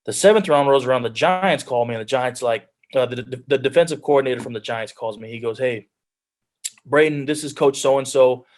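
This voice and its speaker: A man's voice: mid-range voice, quick pace, few pauses. Earnest young man telling his story. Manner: earnest storytelling, drops into quoted self-talk. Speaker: guest speaker, pro football player. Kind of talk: telling his life story on a video call. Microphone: video call.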